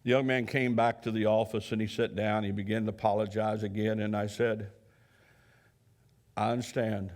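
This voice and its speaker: A man's voice: fairly low pitch, little pitch movement, normal speed, darkish tone. A man working as a counselor tells a long personal story in an earnest, repetitive way, often restarting with "and, and". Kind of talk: storytelling talk.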